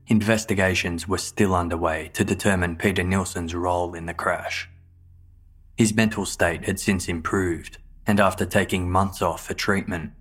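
A man giving measured, scripted true-crime narration. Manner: low, flat, measured delivery. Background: faint music.

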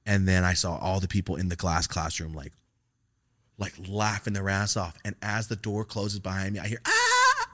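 Low-voiced man telling a rowdy story. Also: normal speed, dry recording, studio quality. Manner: animated, profane, acts out quoted lines. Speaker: podcast host. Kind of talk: casual comedic storytelling.

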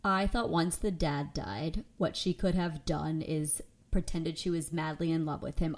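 A woman co-hosting a casual book club podcast, animated and opinionated. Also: low voice, measured pace, few pauses. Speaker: podcast co-host.

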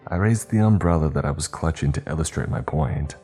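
A man reading a horror story aloud in steady, measured, scripted narration. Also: extremely low pitch, faint music behind.

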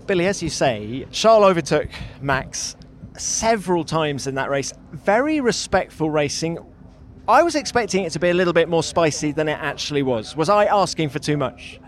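Male host, bit higher voice, breezy trackside chat outdoors, teasing questions. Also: lively intonation, slight background noise. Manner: chatty, quick questions, teasing. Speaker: podcast host. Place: outdoors in a racing paddock.

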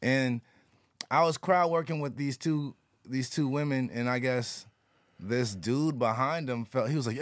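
A man's voice: medium pitch, dry recording. A man who does stand-up tells a story as a podcast guest. He repeats himself and stumbles, bragging with a wink. His voice sounds dry and close. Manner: halting, repeats words, playful bragging. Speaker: comedian guest. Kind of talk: casual storytelling.

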